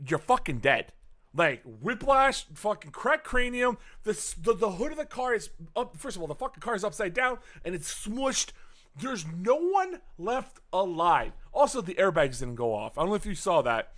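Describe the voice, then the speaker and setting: A man's voice: high-pitched, moderate pace. A young adult man hosting a podcast, retelling a movie plot in a casual, profane, jokey way with lots of restarts. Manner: animated, profane, jokey storytelling with frequent restarts. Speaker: podcast host recapping a movie. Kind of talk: casual chat.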